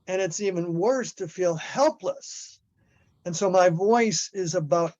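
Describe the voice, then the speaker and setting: A man's voice: high-pitched, a little mellow, muffled recording. A man speaking as an activist in an impassioned group discussion, emphatic and often restarting his sentences, over a video call.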